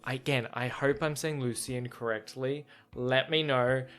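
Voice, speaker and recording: An excitable, chatty man reacting to a book he reads aloud, with a bright, forward voice. His delivery is casual. Faint guitar music plays softly behind him. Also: medium pitch, a little slow. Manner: excitable, chatty, laughs often.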